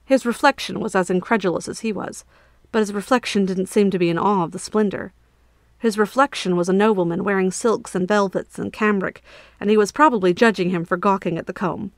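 A woman narrating a fantasy story in a steady, expressive audiobook reading. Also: medium pitch, no echo, studio quality.

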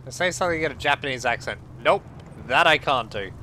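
A man's voice: mid-range voice, expressive, fast talker, pushed and bright, a little hiss or hum. An Australian man in casual gameplay commentary, swearing, joking and chatting with his viewers. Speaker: streamer.

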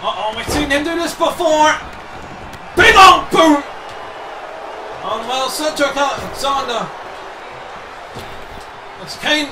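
Guy yelling over a wrestling game, really high voice, echoey room, loud crowd behind. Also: lively intonation, unhurried, long pauses, recorded from a distance. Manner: shouts and gasps, repeats "wait a minute" and "uh-oh". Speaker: video game commentator. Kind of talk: excited play-by-play commentary. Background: loud game crowd and noise.

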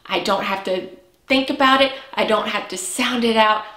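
A woman's voice: a little high, moderate pace, fairly bright tone. A woman teaching a preschool lesson, speaking patiently and encouragingly and stretching out sounds for young children. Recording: echoey room.

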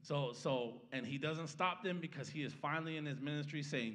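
A man preaches a sermon in a church sanctuary, his slightly high, fairly bright voice moving briskly with a long reverb tail. After an opening prayer he teaches the Bible passage in a conversational style, repeatedly checking in with "right?"

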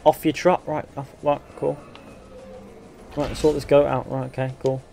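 An Englishman whose accent blends Northern and West Country with a Midlands sound streams a game, chatting bluntly, swearing, and reading out viewer comments. His medium-pitched voice is gravelly and warm, delivered flatly and a little slowly over soft background music.

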